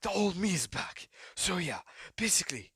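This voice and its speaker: A man rambling through a made-up fan story, hyperactive and swearing constantly. His voice sits slightly high, and the sound is close and dry, with no room echo. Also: sing-song, moderate pace, fairly bright tone, slightly rough. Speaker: YouTube storyteller. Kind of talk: improvised fan-fiction narration.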